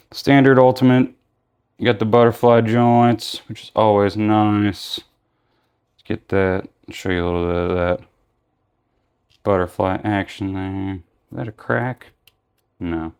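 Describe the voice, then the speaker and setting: A man with a slightly low voice talks through a toy unboxing in a loose, rambling way. He sounds tired, filling gaps with "like" and correcting himself as he goes. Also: smooth. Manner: rambling, filler-heavy, self-correcting. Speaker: toy reviewer. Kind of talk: casual unboxing vlog.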